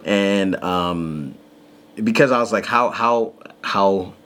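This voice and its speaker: Deep-voiced man telling a lively story. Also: slow. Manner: animated storyteller, acts out quotes. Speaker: podcast co-host. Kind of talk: casual storytelling chat.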